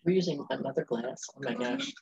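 A woman joining a casual virtual wine tasting, soft-spoken and mostly giving brief reactions. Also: a bass voice, very animated, fairly quick, gravelly. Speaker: tasting participant. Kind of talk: casual chat on a video call. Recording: dull, muffled call audio.

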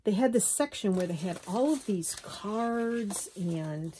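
An unhurried woman talks her way through a craft project at home, rambling as she goes and poking fun at her own mess. Her voice sits at an ordinary middle pitch. Faint paper rustling and crinkling drift behind her. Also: animated, warm tone, a little hiss or hum. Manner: chatty, rambling, self-mocking with frequent laughs. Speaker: journaling crafter. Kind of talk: casual crafting vlog chat.

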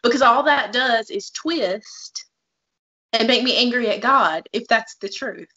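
A woman's voice: on the high side, measured pace, bright, forceful tone. A woman co-hosting a podcast, talking about her feelings in a raw, open and emotionally frank way. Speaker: podcast co-host. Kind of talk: candid conversational podcast talk. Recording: dull lo-fi audio.

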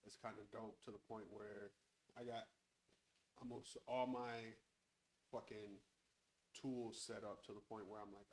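A man's voice: on the low side, level tone, a little slow, long pauses, poor audio. A man hosting a casual podcast chat from a home studio, talking in a laid-back way with lots of swearing into a handheld mic. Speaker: podcast host.

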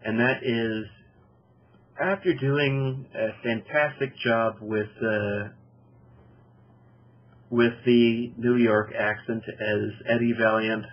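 Slow, halting husky man. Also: medium pitch. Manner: slow, halting, many fillers. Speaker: podcast host. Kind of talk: casual film review chat. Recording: dull lo-fi podcast audio.

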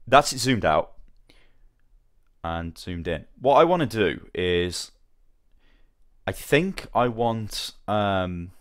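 A young man talks to his stream in a loose, rambling way, greeting viewers one by one. His voice sits a little low. It is casual hobby chat, never scripted. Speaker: streamer building models.

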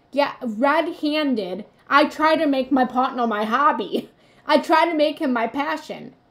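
A woman's voice: sits high, slow pace. A woman hosting a live motivational talk as a spiritual coach, speaking earnestly and confessionally and addressing her viewers directly.

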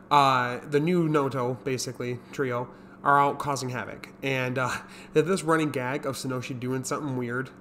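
A man's voice: mid-range voice, a bit bright, a little hiss or hum. A man casually recapping a TV episode, rambling with lots of fillers and acting out characters' lines. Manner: rambling, many fillers, mimics characters in quotes. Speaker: show reviewer.

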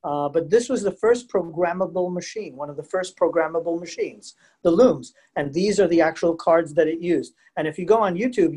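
A man presenting a live virtual lecture for a museum program, chatty and animated, asking his audience questions and telling stories, heard through a computer mic on a video call. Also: a little high, breathy edge.

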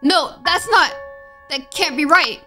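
A woman's voice: high voice, takes it slowly, sharp tone, soft background music, exaggerated voice. A woman voicing a frightened child who stammers defensively, reading a game's dialogue. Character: frightened child denying blame.

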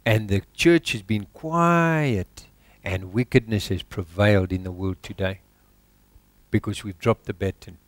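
South African man, pastor, sermon, rhetorical questions, low emphatic drops, dry recording. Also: a little slow, no echo. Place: church.

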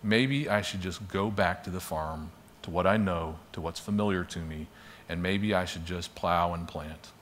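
A man's voice: normal speed, slight background noise. A man voicing a discouraged young man who wants to give up and go home. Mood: dejected. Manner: low, quiet and dejected. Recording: long hall reverb.

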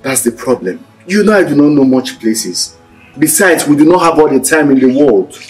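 A doubtful, fretful young son talks with a voice of middle pitch. His tone rises and falls a lot. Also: sing-song, normal speed, faint music behind. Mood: worried.

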